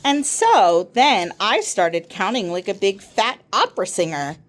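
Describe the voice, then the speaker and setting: An excitable schoolboy tumbles through his story in a rambling, eager rush, as a woman reads him aloud. His voice swings up and down with lively ups and downs. It is a storybook reading. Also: medium pitch, measured pace.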